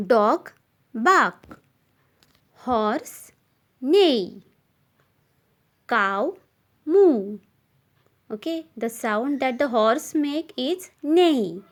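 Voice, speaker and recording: Woman, Indian English accent, teacher, very slow pace, slightly high voice, spells words aloud, repeats for young children.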